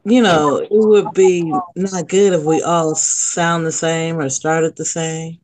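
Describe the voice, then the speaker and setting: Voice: medium pitch, steady tone, takes it slowly, darkish tone. Polite guest from Los Angeles. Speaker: livestream guest. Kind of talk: casual chat.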